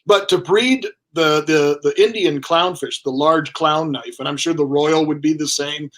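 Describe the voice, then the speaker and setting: A man appears as a guest on a casual livestream and explains his hobby at length. He talks in a wry, chatty way. His voice sits a little high for a man. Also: unhurried, a bit bright. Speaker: guest aquarist.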